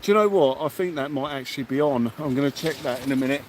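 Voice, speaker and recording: A man's voice: mid-range voice, quick pace. Chatty man on a noisy night beach. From England. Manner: chatty, thanking viewers warmly. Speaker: fishing streamer. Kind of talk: casual live-stream chat. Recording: noisy outdoor beach recording.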